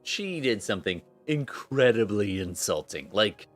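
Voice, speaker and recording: A man narrates a tabletop game as its game master. His voice sits on the low side and he takes his time, stopping for fillers and restarts. Faint music plays behind him. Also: big pitch swings. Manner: halting, with fillers and laughter.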